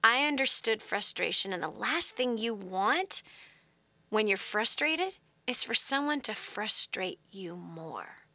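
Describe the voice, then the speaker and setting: A woman's voice: medium pitch, expressive, takes it slowly, pushed and bright, no echo. A woman hosting a radio call-in advice show, telling stories with animation, laughing often and acting out voices. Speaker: host.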